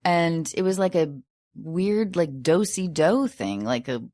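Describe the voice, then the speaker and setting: A woman's voice: fairly low pitch, expressive, slow, darkish tone, dry recording, studio quality. A woman hosting a podcast in a casual chat, rambling with restarts and swearing freely. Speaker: podcast host.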